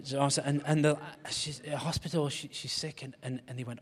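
A man's voice: mid-range voice, a little fast, hardly any pauses, slightly rough. A man, preaching a humorous, story-led sermon. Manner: humorous storytelling, animated voices for quoted people. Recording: long reverb of a large hall.

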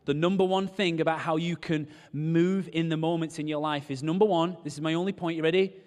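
Animated preacher in a big hall. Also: male voice, a little high, a little fast. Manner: animated, joking storyteller. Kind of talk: sermon with storytelling. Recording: long hall reverb.

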